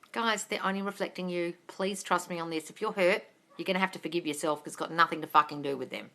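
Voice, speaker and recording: Brief: woman, live-stream coach, bright higher voice, blunt, swears freely. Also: lively intonation, quick pace. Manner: blunt and swears freely, calls viewers darling. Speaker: manifesting coach answering live chat questions. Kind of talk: casual live-stream chat. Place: home, dog barking nearby. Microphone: phone livestream.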